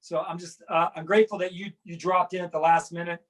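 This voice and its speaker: A man hosting a casual podcast chat, relaxed and easygoing, laughing often and repeating himself. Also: high-pitched, fast, rough recording. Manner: laid-back, laughs often, repeats words. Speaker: podcast host.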